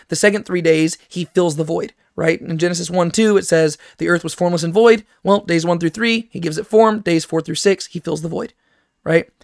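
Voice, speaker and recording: A man's voice: high voice, gravelly, no room sound, clean studio sound. A man teaching a Bible study in a casual, conversational way, often checking in with "right?". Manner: conversational, keeps asking "right?".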